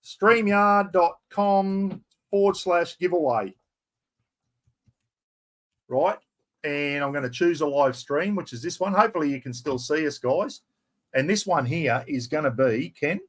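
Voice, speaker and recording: Excitable Australian man hosting a stream. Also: fairly high pitch, a little slow. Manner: excitable, chatty, self-mocking. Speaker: live stream host. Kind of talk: casual live stream giveaway chat.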